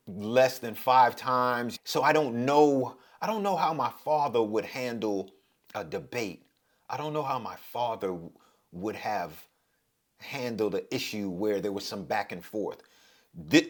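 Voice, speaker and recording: A middle-aged man from Brooklyn with a New York accent, talking in a reflective, passionate monologue and getting louder as he drives his point home. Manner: passionate, rises in pitch and loudness when making a point. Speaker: podcast host.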